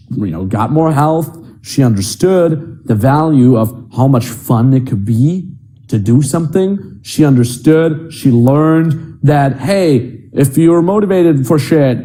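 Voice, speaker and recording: A man's voice: on the high side, dark tone. A young adult man coaching other men on dating in a blunt, emphatic and profane way. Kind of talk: coaching monologue.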